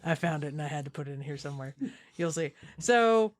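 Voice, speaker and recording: A woman's voice: sits low, expressive, fast talker. A woman narrating as game master of a tabletop game, playful and laughing often.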